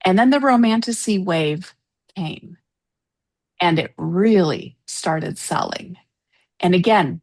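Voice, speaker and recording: A woman who writes novels, co-hosting a casual podcast and telling stories in an animated, emotional way. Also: lowish voice, slow pace, pauses often. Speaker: podcast co-host. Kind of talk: casual chat.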